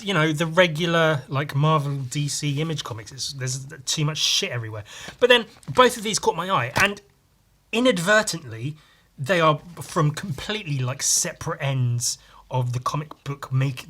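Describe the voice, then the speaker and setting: A man's voice: fairly high pitch, pushed and bright. A man hosting a podcast, talking alone in a casual, rambling way, swearing freely and breaking off mid-sentence. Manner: sweary, rambling, self-interrupting. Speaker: podcast host.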